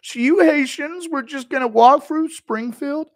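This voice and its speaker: A man putting on the voice of a clingy friend who shrilly whines about being left out. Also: a little slow. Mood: shrill outrage. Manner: shrill, outraged, whining.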